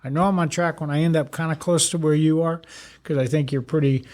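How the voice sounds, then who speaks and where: A man's voice: a little high, steady tone, quick pace, a little mellow. An older man, a retired fire chief, telling rambling stories in an interview with blunt, salty, self-deprecating humor. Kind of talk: storytelling interview talk.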